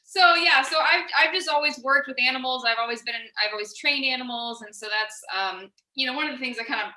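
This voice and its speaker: Very bright, cheerful woman guest. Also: high-pitched, fairly quick, reverberant, rough recording. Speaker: bird trainer guest. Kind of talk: casual chat.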